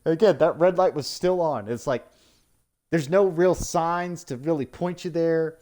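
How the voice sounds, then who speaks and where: A man's voice: a little high, a little slow, a little mellow. Young male gaming host, profane rant, sarcastic quoting, exasperated. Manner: swearing often, exasperated, mocking in put-on quotes. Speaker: gaming YouTuber. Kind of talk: post-game commentary rant.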